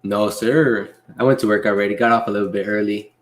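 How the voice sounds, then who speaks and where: A young man hosting a casual livestream Q&A, reading chat messages aloud and answering in a relaxed way with frequent laughs. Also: lowish voice, fairly quick. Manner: laid-back, reads chat aloud, laughs often. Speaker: livestream host and delivery driver.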